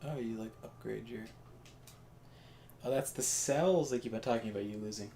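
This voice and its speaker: A man's voice: lowish voice, moderate pace, mellow, a little hiss or hum. A man chatting casually and wryly while playing a video game with a co-host. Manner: chatty, wry, acts out quotes. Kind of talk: casual gaming chat.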